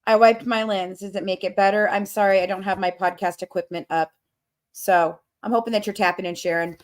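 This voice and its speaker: A woman's voice: medium pitch, steady tone, fairly quick. A woman ranting bluntly and profanely on a casual livestream, up all night without sleep. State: has not slept. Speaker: livestream host.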